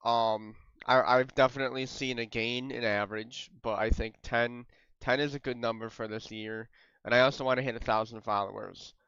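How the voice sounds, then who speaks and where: A man with a smooth, resonant voice speaks hesitantly as a streamer guest in a casual podcast chat, with many "um"s. His mic sounds dry and a little dull and lo-fi. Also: mid-range voice, fairly even intonation, moderate pace, a bit bright, no room sound.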